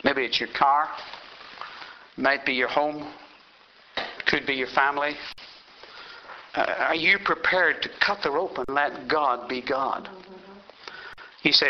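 A man's voice: medium pitch, fairly even intonation, normal speed, pauses often, muffled recording, a little hiss or hum. A man preaching a sermon as a pastor, telling a story and building to emphatic climaxes.

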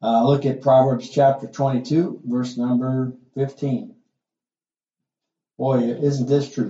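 A man's voice: medium pitch, steady tone, slow pace, mellow, reverberant, muffled recording. A middle-aged male pastor preaching a sermon in a folksy, conversational way, full of asides and rhetorical questions.

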